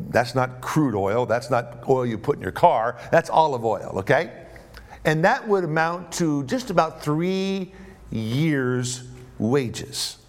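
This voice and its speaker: A man preaching a sermon in an animated way, often checking in with his listeners. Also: medium pitch. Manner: animated, asks the audience questions.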